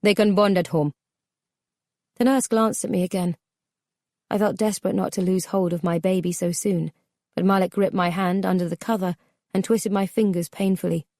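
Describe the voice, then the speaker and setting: A woman narrating a memoir audiobook in a measured, subdued, somber way. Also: fairly low pitch, fairly even intonation, mellow, no room sound, studio quality.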